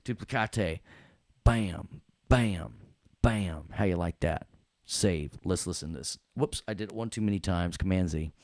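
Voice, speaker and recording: A man's voice: low-pitched, brisk, darkish tone, no echo, clean studio sound. A middle-aged man with a New York accent teaching an audio workstation lesson, joking around and scatting along with the music. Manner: playful, jokey, scats and hums along to the music. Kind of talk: casual screen-recorded lesson.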